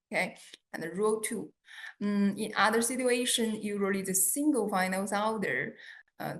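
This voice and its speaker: A woman with a Chinese accent teaching a beginner lesson, patient and deliberate, drawing out sounds to demonstrate them. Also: mid-range voice, fairly bright tone.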